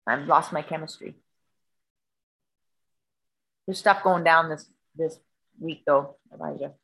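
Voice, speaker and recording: A woman's voice: deep voice, fairly even intonation, normal speed, vocal fry, a bit bright, slightly rough, poor audio. A middle-aged woman telling a rambling, profane story in casual chat.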